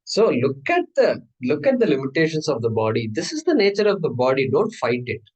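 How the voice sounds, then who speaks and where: A man's voice: a little high, wildly swooping pitch, fairly quick, darkish tone, slightly rough, poor audio. Man teaching a scripture class. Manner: conversational teaching, asks the class questions. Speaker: Vedanta teacher.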